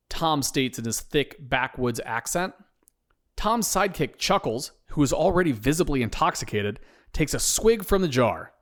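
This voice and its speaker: A man's voice: a little high, expressive, normal speed. A man narrating a comic audio story in a dry, matter-of-fact way.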